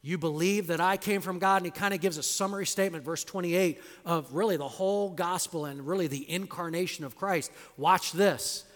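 Preaching expository style, the male pastor alternates loud emphasis with quiet, low-dropping endings and occasionally draws one important word out slowly for effect. The audio has a long, hall-like reverb.

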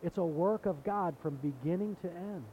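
A man preaching a sermon with a slightly raised pitch, earnest and steadily building toward fervent, repeated emphasis. The recording is dull and lo-fi. A faint rumble sits underneath. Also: moderate pace. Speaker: pastor.

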